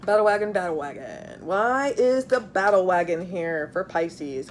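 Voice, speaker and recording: A woman's voice: fairly low pitch, unhurried, few pauses, slight background noise. Blunt, swearing woman tarot reader. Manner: blunt, swears freely, many fillers; chatty, repeats herself while pulling cards. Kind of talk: casual tarot reading.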